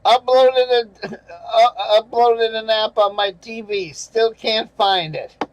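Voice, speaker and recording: A man's voice: high voice, steady tone, slow pace, highs cut off. An older man reading viewer comments aloud and ranting angrily, sarcastic and swearing, with bitter chuckles. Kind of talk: casual rant over screenshots.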